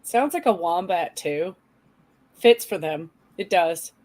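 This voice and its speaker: A woman's voice: on the low side, lively intonation, takes it slowly, darkish tone. A woman co-hosting a podcast, giggling and thinking aloud in rambling casual chat. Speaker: podcast co-host.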